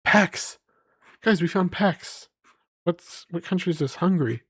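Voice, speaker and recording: A man's voice: sits high, a little slow, slightly rough, no room sound, clean studio sound. A man streaming live, rambling playfully to his chat as he reads place names aloud.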